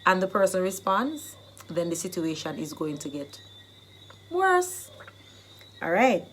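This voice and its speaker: A woman with a Jamaican accent who teaches Jamaican phrases in a casual vlog, explaining them and acting them out in lively bursts. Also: lowish voice, normal speed, a little hiss or hum.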